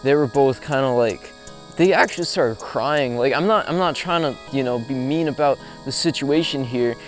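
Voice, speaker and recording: A man's voice: medium pitch, normal speed, soft background music. A young man vlogging outdoors, telling a story casually with lots of swearing and filler words, recorded on a camera mic. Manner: profane, animated storyteller with frequent fillers. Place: outdoors in a rural spot with insects.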